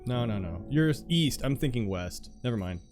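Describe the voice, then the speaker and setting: A man's voice: mid-range voice, animated, moderate pace, darkish tone, soft background music. A man chatting casually with viewers on his live stream, laughing often and trailing off mid-sentence before starting over. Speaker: livestreamer.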